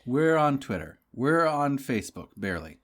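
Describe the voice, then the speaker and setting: A man's voice: mid-range voice, sing-song, normal speed, fairly bright tone. A young man co-hosting a casual podcast chat, wry and joking, drifting into rambling asides. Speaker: podcast co-host.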